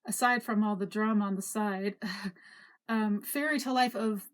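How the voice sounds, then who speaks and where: A middle-aged woman casually recounting her own life story, rambling with fillers and restarts. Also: on the high side. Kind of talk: casual spoken memoir.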